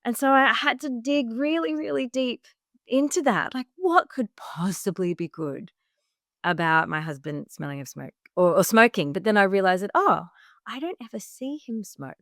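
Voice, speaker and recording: A woman's voice: medium pitch, expressive, normal speed, no echo. Woman, health coach guest on a podcast; earnest storyteller, mid-range voice, dry close mic. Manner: earnest, acts out her own past remarks in quotes; frequent "like" fillers. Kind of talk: personal storytelling in a podcast interview.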